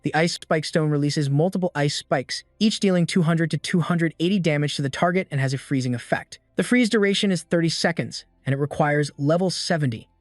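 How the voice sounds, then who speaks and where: Guy narrating a comic recap, even and steady, bit high pitched, dry close mic. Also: fairly quick, hardly any pauses, no room sound. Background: faint background music.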